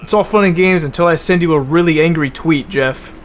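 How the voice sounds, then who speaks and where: Young male gamer, slightly high voice, slangy chat with angry flare-ups over a racing game. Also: fairly quick, a little hiss or hum. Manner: swears a lot and calls people bro; flares into loud angry rants. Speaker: gaming video host. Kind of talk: casual racing game commentary.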